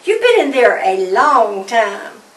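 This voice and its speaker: A woman voicing a worried mother of a small boy, soft and concerned. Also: a little high, very animated, slow pace. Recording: roomy sound from a distant mic.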